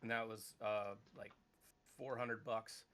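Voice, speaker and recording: A man in his thirties co-hosting a podcast in casual chat, rambling and animated, with casual swearing. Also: fairly low pitch, takes it slowly.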